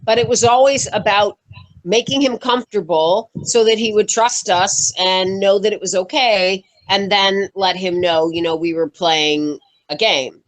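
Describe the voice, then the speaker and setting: Actress lady telling set stories in an interview, lively, laughs a lot, mid pitch. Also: measured pace, rough recording. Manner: animated, laughs often, acts out quoted voices. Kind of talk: casual interview storytelling.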